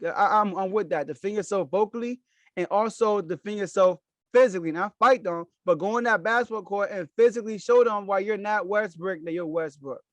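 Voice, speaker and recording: Male sports podcast host, high-pitched, emphatic and repetitive, dry close recording. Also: brisk, no room sound. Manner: emphatic, repeats key phrases. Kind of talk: solo sports opinion commentary.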